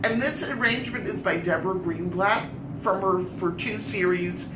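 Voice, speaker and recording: A woman's voice: medium pitch, moderate pace. A woman piccolo player introducing her contest entry with light humor. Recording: echoey room, mic far off, noisy.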